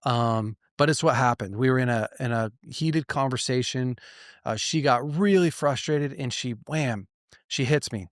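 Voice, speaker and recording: A man's voice: mid-range voice, unhurried, no echo, studio quality. A man in his thirties or forties, a pastor hosting a podcast, talking straight to listeners in an earnest, emphatic way with rhetorical questions and frequent restarts. His voice can sound a little choked, as if near tears. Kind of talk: direct-to-listener podcast teaching.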